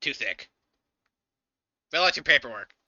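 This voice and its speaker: A man's voice: medium pitch, expressive, unhurried, pushed and bright, no echo, highs cut off, pitched above the performer's own voice. A man voicing a towering, blunt female orc official who speaks in curt, formal phrases in a tabletop game.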